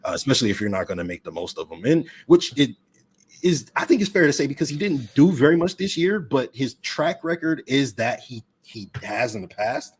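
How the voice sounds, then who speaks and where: Husky-voiced man rambling on a video call. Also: mid-range voice, sing-song, fairly quick. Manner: rambling, emphatic sports-fan talk. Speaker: podcast guest. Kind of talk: casual chat.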